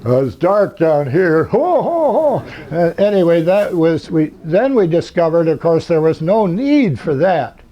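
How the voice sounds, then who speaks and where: An older convention speaker addresses an audience in a lecture hall, rambling with plenty of fillers and dry humor. His fairly high voice is very animated and unhurried, with few pauses, and the recording is muffled and lo-fi.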